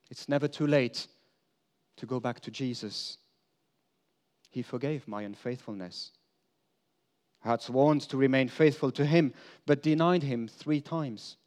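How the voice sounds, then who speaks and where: Slow, earnest man preaching in monologue. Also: mid-range voice. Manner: earnest storytelling, swinging between emphatic lines and hushed confession. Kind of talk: first-person dramatic monologue as an apostle.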